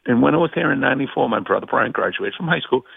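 Male caller with a Boston accent, very gravelly and husky, rambles on a tinny phone line. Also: mid-range voice, expressive, very fast, no echo. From Boston area. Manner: rambling, repeats words. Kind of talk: casual chat on a phone call.

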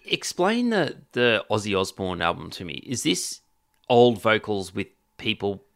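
A man's voice: on the low side, moderate pace, creaky, fairly bright tone. A man co-hosting a casual music podcast, talking hesitantly and often trailing off. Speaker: podcast co-host. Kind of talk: casual chat.

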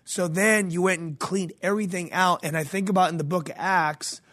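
A man's voice: sits high, fairly even intonation, a little fast, a bit bright, dry recording. A man hosting a podcast interview, responding with enthusiasm and reflecting in a preaching way. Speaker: podcast host. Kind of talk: casual interview commentary.

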